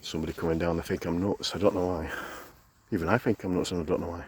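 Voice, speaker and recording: A man's voice: deep voice, steady tone, fast, a little mellow, a little hiss or hum. A man with a Yorkshire accent, out of breath, chatting to his phone camera while riding a bike up muddy hills outdoors, groaning and swearing and joking. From Yorkshire, England. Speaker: vlogger. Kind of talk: casual commentary while riding. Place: outdoors on muddy hill tracks. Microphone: phone held in hand.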